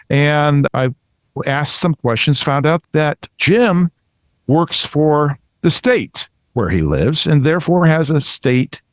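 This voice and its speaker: A man's voice: medium pitch, no echo. Middle-aged man, finance show host, earnest and repetitive, dry close sound. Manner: earnest, repeats himself, restarts phrases. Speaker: podcast co-host, financial advisor. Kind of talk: casual explanatory talk.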